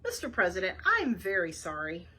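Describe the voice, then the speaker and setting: A woman's voice: on the low side, huge pitch swings, moderate pace, pushed and bright, husky, voice pushed down, full character voice. A woman voicing a self-important male Venus flytrap detective, earnest and urgent in his speech. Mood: apologetic.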